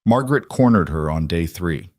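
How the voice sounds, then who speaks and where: Low-voiced man narrating a crime story. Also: lively intonation, normal speed, a little mellow, no room sound, studio quality. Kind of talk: dramatic audiobook narration.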